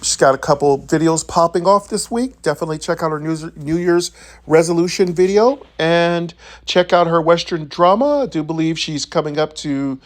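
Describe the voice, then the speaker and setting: A man hosting a gaming channel, talking through a casual intro before the game starts. He rambles earnestly and fills his pauses with plenty of uhs and ums. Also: a little high.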